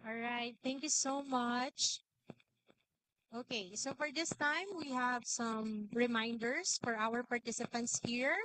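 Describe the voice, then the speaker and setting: A woman's voice: a little high, fairly even intonation, slow, sharp tone, a little hiss or hum. A woman hosting an event in a hall, giving announcements with some hesitation. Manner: hesitant, with fillers and repeats. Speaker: event host.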